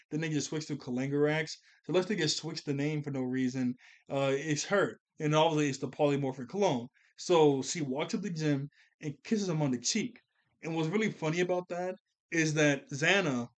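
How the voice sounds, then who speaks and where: A man giving a casual, rambling recap of a cartoon episode as a reviewer. He often corrects himself and laughs as he talks. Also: fairly high pitch.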